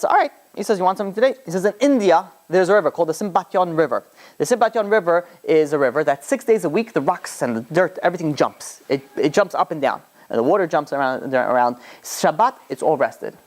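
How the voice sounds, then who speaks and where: Rabbi guy telling old stories, super chatty, tons of you-knows, pitch jumps way up on the quotes. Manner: animated retelling, voices quoted lines with sharp rises in pitch; loose and chatty, many "you know" fillers and restarts. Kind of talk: storytelling lecture.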